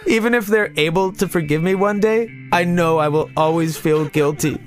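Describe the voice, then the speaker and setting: A man's voice: on the high side, moderate pace, faint music behind. A man telling a first-person confession story in scripted narration, earnest in tone.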